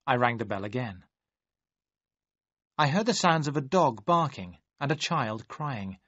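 A man reading a story aloud in measured, even storytelling narration. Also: medium pitch, no echo. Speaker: audiobook narrator. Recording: dry, slightly dull audio.

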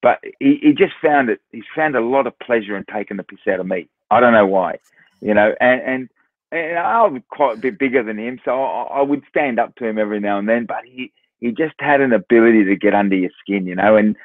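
A man's voice: medium pitch, fairly quick, dry recording. Australian man telling stories over a thin line. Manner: animated storyteller, frequent restarts. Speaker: guest, former footballer. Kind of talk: casual anecdote telling. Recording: phone-like line, dry.

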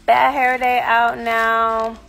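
A woman's voice: a little high, little pitch movement, slow, vocal fry, a bit bright, soft background music. A woman who is a mother and vlogger, chatting casually and rambling loosely to her followers.

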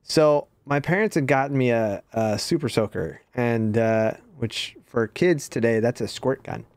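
A man's voice: medium pitch, measured pace, a little mellow. A man co-streaming a game, chatting casually and telling a childhood story. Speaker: guest streamer. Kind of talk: casual gaming chat and storytelling. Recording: dry close mic.

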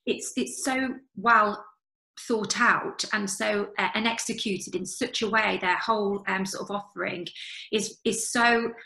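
A woman's voice: medium pitch, fairly even intonation, unhurried, gravelly, bright, forceful tone, poor audio. A woman, in her thirties, earnestly telling her story as an interview guest, with many fillers and restarts. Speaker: interview guest, charity fundraiser. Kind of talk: conversational interview.

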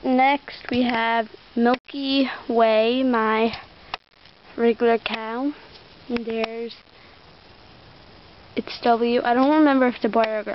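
A woman's voice: fairly high pitch, steady tone, slow, muffled recording, a little hiss or hum. A young woman chatting casually outdoors, rambling as she shows off a collection. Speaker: vlogger showing a toy collection. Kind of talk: casual show-and-tell.

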